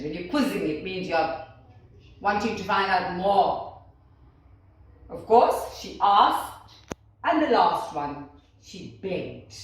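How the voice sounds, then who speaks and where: Woman teacher talking slow n expressive, very echoey classroom, mic far off. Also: on the low side. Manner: slow, expressive, acts out words with her voice. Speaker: English teacher.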